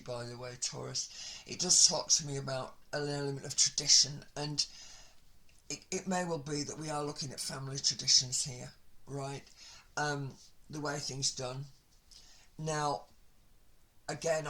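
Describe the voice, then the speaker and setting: A woman giving a casual tarot reading, chatting and talking to herself as she lays out the cards. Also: low-pitched. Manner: chatty, talks to herself while laying out cards. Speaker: tarot reader. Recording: loud background noise with card shuffling.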